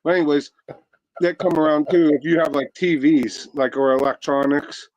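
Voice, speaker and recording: A man's voice: on the high side, steady tone, normal speed, a little mellow, no room sound, low-quality recording. A man from Pennsylvania, co-hosting a casual chat and telling a story in a brash, profane, laid-back way. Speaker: podcast co-host.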